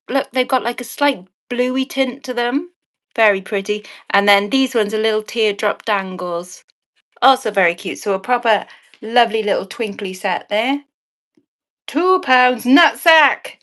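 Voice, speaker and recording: A woman's voice: on the high side, fairly bright tone. A woman selling earrings on a live stream, chatting cheekily with viewers and swearing with a laugh. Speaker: online auction seller.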